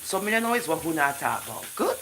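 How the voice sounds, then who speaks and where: A deep-voiced woman with a Jamaican accent talks fast while hosting a casual livestream, reading scripture in a preachy, animated manner and thanking chat viewers by name. The recording is low quality with slight background noise.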